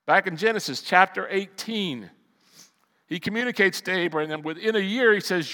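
A middle-aged male pastor preaching a sermon, telling a personal story with animated swings between loud outbursts and quiet asides. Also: high-pitched, fairly quick, long reverb tail.

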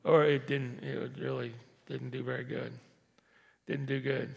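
A man preaching a conversational sermon as pastor, moving from quiet asides to loud, emphatic repeated lines. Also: mid-range voice, level tone, unhurried, creaky, breathy edge. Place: large church hall. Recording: long reverb of a church hall.

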